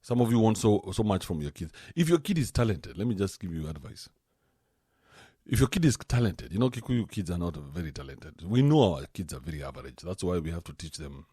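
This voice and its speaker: A man hosting a podcast, talking in a casual, joking rant with an animated manner. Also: low-pitched, husky, dry recording, clean studio sound. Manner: animated, joking, swings into mocking put-on voices. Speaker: podcast host.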